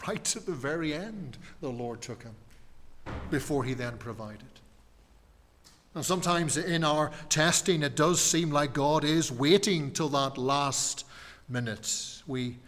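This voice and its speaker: A man preaching a sermon in a measured, emphatic way, repeating key phrases and letting his voice fall quiet at the ends. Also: on the high side, big-room sound.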